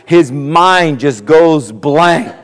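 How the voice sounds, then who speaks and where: A pastor speaks very slowly in a voice on the high side, preaching a sermon in a church sanctuary. His delivery is folksy storytelling, acting out the voices in his jokes, and the audio has long hall reverb.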